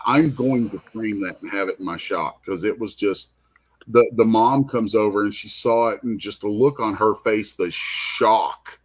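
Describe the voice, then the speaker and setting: A man hosting a comic art show, telling a rambling, heartfelt story in casual chat. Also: fairly low pitch. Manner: rambling, heartfelt, restarts often. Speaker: comic artist host. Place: convention booth.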